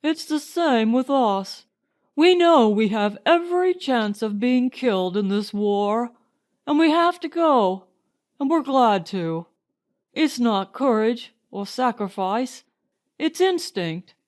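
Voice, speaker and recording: A woman's voice: fairly high pitch, animated, slow pace, a little mellow. A woman voicing a young British army officer who talks dreamily and earnestly. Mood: dreamy.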